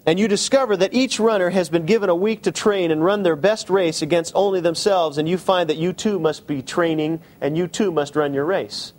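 A man preaching a sermon, asking the congregation direct questions and slowing down for emphasis. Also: high-pitched. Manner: shifts between quick asides and slow emphasis. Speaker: pastor.

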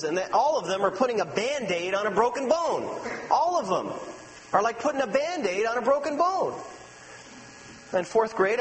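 A man preaching a sermon as pastor, telling personal stories with animation and dropping to a soft, low voice for emphasis. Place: church sanctuary. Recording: long hall reverb with faint mains hum.

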